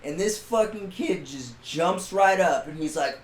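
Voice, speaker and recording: A man with a somewhat high voice tells a story on a podcast, swearing freely and laughing as he goes. He sounds animated and profane, and the room has a noticeable echo. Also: unhurried. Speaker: podcast co-host. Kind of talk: casual storytelling chat.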